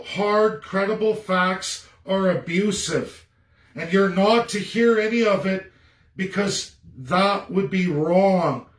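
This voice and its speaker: A man's voice: sits high, roomy sound, distant mic. A Canadian man ranting angrily on a livestream, emphatic and repetitive. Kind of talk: angry political rant on a livestream. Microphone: phone or webcam on a livestream.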